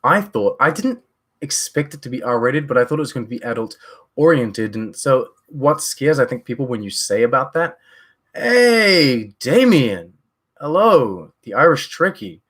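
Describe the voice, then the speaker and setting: A man's voice: medium pitch, lively intonation, moderate pace, a bit bright. A man from New Zealand chatting casually and with strong opinions on his live stream, rambling with many fillers and restarts.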